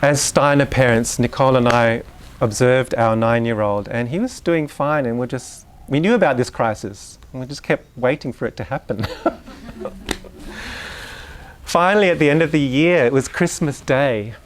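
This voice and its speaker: Man giving a relaxed, chatty lecture. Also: mid-range voice. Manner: conversational, unhurried, with asides and questions to the audience. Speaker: lecturer on Waldorf education. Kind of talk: live lecture to an audience. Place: live lecture venue.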